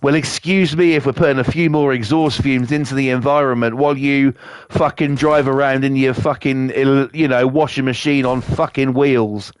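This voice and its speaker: A man's voice: fairly even intonation, normal speed, clean tone, no echo. A man streaming to a live chat, ranting angrily and swearing a lot, coughing now and then. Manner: angry, sweary rant with big pitch swings.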